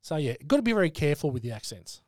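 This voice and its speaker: High-voiced man, dry sound. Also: big pitch swings, rapid-fire, no room sound. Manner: jokey, opinionated. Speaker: podcast co-host. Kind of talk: casual film podcast chat.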